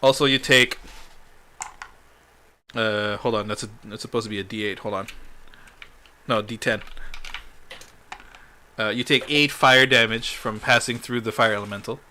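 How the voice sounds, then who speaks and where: A man running a tabletop game as dungeon master, halting and full of "uh"s as he checks the rules. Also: on the low side, fairly even intonation, bright, forceful tone, slight background noise. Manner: halting, fills pauses with "uh", laughs along.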